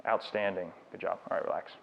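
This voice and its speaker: A man's voice: deep voice, fairly even intonation, fast talker, creaky, slight background noise. Man, fitness trainer, explanatory coaching voice, studio demo, thin phone-like audio. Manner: coaching instructions, encouraging and explanatory. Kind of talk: live demonstration lecture. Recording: tinny phone-like sound.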